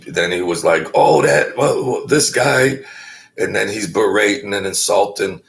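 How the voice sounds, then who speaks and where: A low, gravelly man speaks at an unhurried pace. He tells a story casually and haltingly, full of fillers and restarts, and slips into the voices of the people he quotes. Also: a bit bright. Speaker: guest telling a story.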